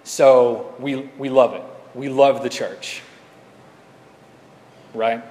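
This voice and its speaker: A man's voice: medium pitch, fairly even intonation, extremely slow, a little mellow. A man preaching a sermon as pastor in a conversational, rambling way that often corrects itself mid-sentence. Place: church sanctuary. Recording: echoey hall reverb.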